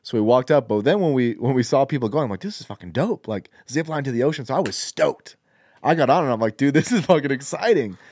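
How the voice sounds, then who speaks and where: A man's voice: mid-range voice, lively intonation, fast, darkish tone, slightly rough. A man co-hosting a podcast in casual chat, laid-back and slangy, swearing often. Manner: laid-back slang, says "dude" and "bro" constantly, swears. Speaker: podcast co-host.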